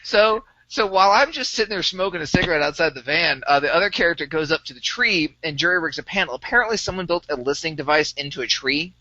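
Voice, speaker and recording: A man's voice: a little high, animated, fast talker, few pauses, sharp tone, no echo, dull audio. A young man on a podcast, chatting casually and rambling through a gaming story with many fillers. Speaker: podcast co-host. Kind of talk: casual chat about tabletop games.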